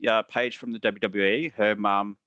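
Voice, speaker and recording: Australian man hosting, bright dry voice. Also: on the low side, little pitch movement, moderate pace, no echo, dull audio. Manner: reads out listener questions and answers at length. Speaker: podcast host. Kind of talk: casual podcast chat.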